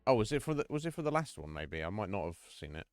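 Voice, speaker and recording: A man's voice: fairly low pitch, sing-song, quick pace, dry recording. A man streaming a game, chatting loosely, swearing and laughing at what happens. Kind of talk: live gaming commentary.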